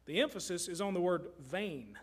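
A man's voice: high-pitched, expressive, moderate pace, breathy edge. A middle-aged man from Kentucky preaching a sermon as pastor, earnest and emphatic, often repeating his phrases for weight. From Kentucky, USA.

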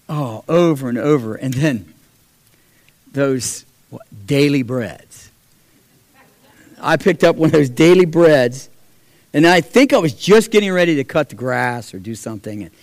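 A middle-aged man telling a personal testimony to a church, animated, acting out the voices in his story and swinging from loud to hushed. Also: medium pitch, no echo. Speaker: church speaker sharing a testimony.

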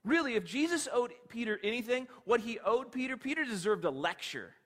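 A man preaching a sermon, telling the story in an animated, conversational way. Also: extremely high pitch, a little fast. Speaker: pastor. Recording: long hall reverb.

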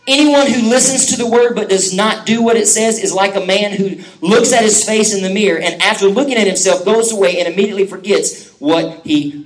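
High-voiced, lively preaching pastor. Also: male voice, rough recording. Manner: lively, animated preaching with quick asides and humor. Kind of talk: sermon.

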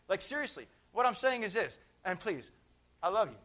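Man, middle-aged, sermon, high voice, bright tone, animated storytelling. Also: moderate pace. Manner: animated storytelling, shouting out phrases. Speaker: preacher.

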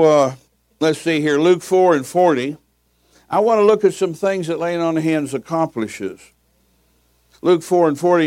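An older male pastor preaches in a folksy, storytelling way, chuckling between his anecdotes. His voice sits fairly high for a man. The sound is dry and close. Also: darkish tone, no echo. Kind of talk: sermon with storytelling.

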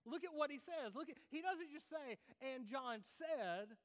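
A man's voice: very high voice, lively intonation, measured pace. A man preaching a sermon in a conversational way, often checking in with the congregation. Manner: conversational preaching with frequent "right?" asides to the congregation. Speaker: pastor. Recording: long reverb of a large hall.

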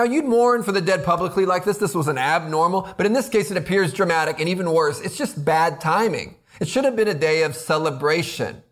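A man preaching an expository sermon, earnest and building to emphatic rhetorical questions, often repeating words as he presses a point. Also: a little high. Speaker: pastor.

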